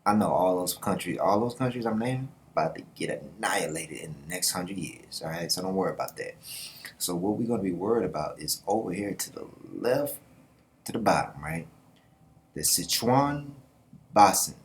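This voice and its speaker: A man hosting his own video channel, talking in a casual, slangy, animated way with quick asides and laughs. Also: sits low, slight background noise. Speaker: YouTube host. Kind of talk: casual commentary.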